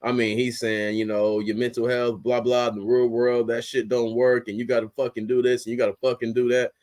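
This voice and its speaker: A young man rants as a sports podcast host, cussing freely and pushing his voice up when he gets worked up. His pitch sits in an ordinary middle range, and his delivery is blunt and heated throughout. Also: little pitch movement, a little fast, a little mellow. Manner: heated, blunt, heavy swearing, rising to outbursts. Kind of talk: profane ranting commentary.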